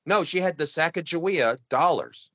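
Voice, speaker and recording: A man's voice: a little high, animated, moderate pace, sharp tone, dry recording. A middle-aged man hosting a casual chat, telling a story with many restarts and asides. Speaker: podcast co-host.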